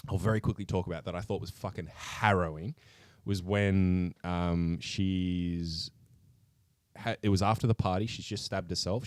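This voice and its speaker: A man co-hosting a podcast, retelling a film plot in an animated, sweary way. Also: deep voice, no echo. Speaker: podcast co-host. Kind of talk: casual chat.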